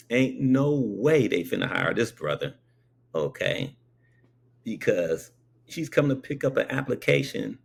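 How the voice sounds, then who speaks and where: A man's voice: mid-range voice, vocal fry, a bit bright, husky. A man telling a personal story in a conversational way, often checking in with the listener.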